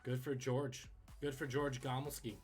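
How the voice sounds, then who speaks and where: A man hosting a live-streamed trivia quiz, reading questions and tossing in quick joking asides. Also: medium pitch, fairly bright tone, soft background music. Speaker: trivia host.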